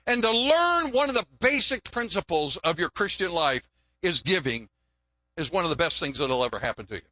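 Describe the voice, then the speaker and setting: A man's voice: a little high, big pitch swings, moderate pace, bright, forceful tone. An older man, a longtime pastor, preaching a folksy, joking sermon and often repeating words.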